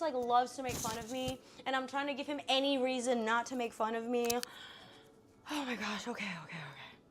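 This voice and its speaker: High-voiced flustered woman streaming. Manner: flustered, swears, talks herself into calm. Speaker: live streamer. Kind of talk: casual live-stream chat while cooking.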